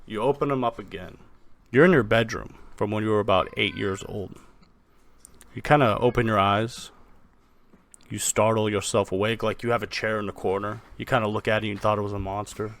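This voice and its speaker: A man's voice: on the low side, fairly even intonation, a little fast, a bit bright. A man narrating a tabletop game as game master, in a loose style full of fillers. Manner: loose, with many fillers like "kinda" and "like".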